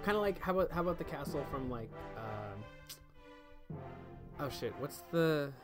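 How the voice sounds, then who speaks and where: A man playing a tabletop game, chatting with quick, laughing asides. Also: fairly high pitch, lively intonation, over music. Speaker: player. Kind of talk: casual tabletop play.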